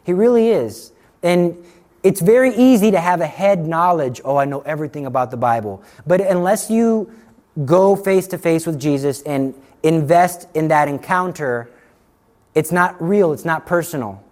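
A middle-aged man giving a sermon, telling a story with lively acted-out dialogue. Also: sits high, measured pace. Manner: animated storytelling, acts out dialogue. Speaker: Catholic speaker.

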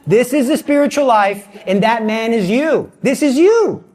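A man preaching a lively sermon with comic stories and asides, acting out the voices of the people in them. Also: very high voice, normal speed.

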